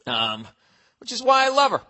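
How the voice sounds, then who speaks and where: A man's voice: very high voice, wildly swooping pitch, moderate pace, pushed and bright, big-room sound. A man hosting a podcast, delivering a profane, digressive comedic monologue. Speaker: podcast host.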